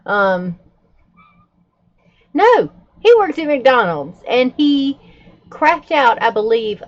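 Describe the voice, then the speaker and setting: A woman hosting a journaling livestream from home, chatting in a relaxed, gossipy way and laughing between stories. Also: high voice, slow, highs cut off. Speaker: journaling vlogger, livestream host. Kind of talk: casual gossipy chat while journaling. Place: at home with her dogs nearby.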